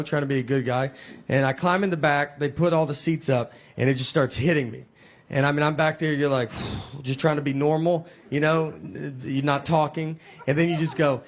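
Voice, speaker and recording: A man in his forties with a Southern American accent, doing a rambling, deadpan stand-up routine on a comedy stage. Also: a little high, slight background noise. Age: 40s. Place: comedy stage before a laughing audience. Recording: stage mic with audience laughter.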